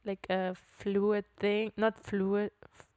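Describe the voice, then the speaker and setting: Slow, halting young woman co-hosting. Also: mid-range voice, little pitch movement, warm tone, smooth. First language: German. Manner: halting, searches for English words. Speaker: podcast co-host. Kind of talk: casual chat.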